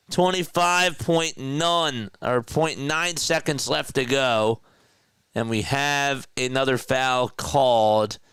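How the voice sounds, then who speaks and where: A man with a South Jersey accent calling a basketball game as a casual live-stream play-by-play commentator, chatty and quick to correct himself. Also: fairly high pitch, bright, forceful tone, smooth, no echo, studio quality. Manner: chatty, laughs easily, corrects himself mid-call.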